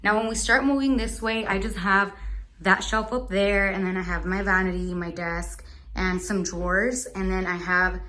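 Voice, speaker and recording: A woman's voice: medium pitch, steady tone, moderate pace, bright, forceful tone. A young woman chatting casually through a room tour as a beauty vlogger, rambling and searching for words, a little out of breath. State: a bit out of breath.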